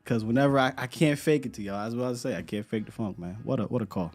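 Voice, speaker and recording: A man's voice: medium pitch, racing, darkish tone, soft background music. Laid-back man hosting a sports show. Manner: loose, laughing, repeats words. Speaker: sports podcast host. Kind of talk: casual live-stream chat.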